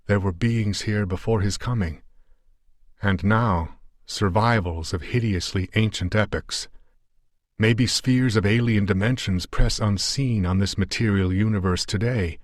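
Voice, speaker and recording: A man voicing a shaken, grim American adventurer who speaks haltingly and somberly, in an audiobook reading. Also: fairly low pitch, no echo, studio quality. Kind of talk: audiobook character voice.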